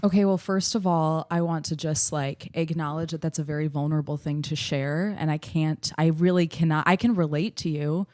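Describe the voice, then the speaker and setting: A woman comedian giving mock-earnest, faux-therapeutic advice in a deadpan, soothing way. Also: low-pitched, moderate pace, hardly any pauses, no echo, clean studio sound. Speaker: comedian contestant.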